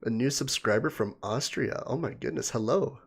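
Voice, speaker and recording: A man's voice: mid-range voice, normal speed, vocal fry, husky. A man hosting a casual livestream, chatting and laughing as he greets viewers and reads their comments aloud. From Canada. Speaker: livestream host. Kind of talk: casual live chat reading viewer comments.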